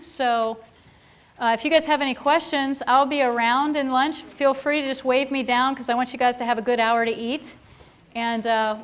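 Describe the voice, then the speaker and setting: A woman's voice: sits high, a bit bright. A woman presenting a live training seminar to a room of people, chatty, with playful asides and frequent checks of "right?".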